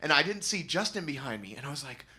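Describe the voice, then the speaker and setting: A young man doing stand-up storytelling, animated and jumping into high squeaky voices for the people he quotes. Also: quick pace, slight background noise. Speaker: stand-up comedian.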